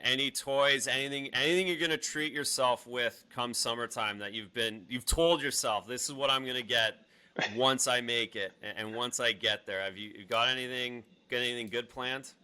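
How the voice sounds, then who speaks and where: A man co-hosting a podcast, asking relaxed, joking questions. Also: medium pitch, moderate pace, smooth. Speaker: podcast co-host. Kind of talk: casual podcast interview.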